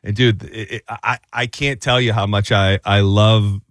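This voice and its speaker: A man's voice: lowish voice, fairly even intonation, a little slow, fairly bright tone, no echo. A man co-hosting a casual sports talk show in a studio, rambling and repeating words as he tells stories. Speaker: podcast co-host.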